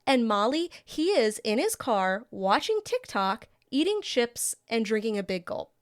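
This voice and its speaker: Brief: young female podcast co-host, smooth clear voice, animated storyteller who acts out lines. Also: on the high side, a little slow. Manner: animated retelling, acts out dialogue, frequent "like". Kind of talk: casual chat.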